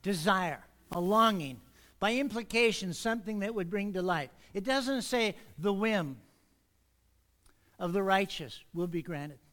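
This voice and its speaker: High-voiced man preaching a sermon. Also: normal speed. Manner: earnest, speeds up when excited. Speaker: pastor.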